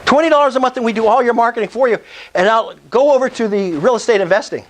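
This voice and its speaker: A man giving a live sales presentation at an investors' meetup, excitable and pushy, often asking the room if it's cool. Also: extremely high pitch, quick pace, slight background noise, poor audio.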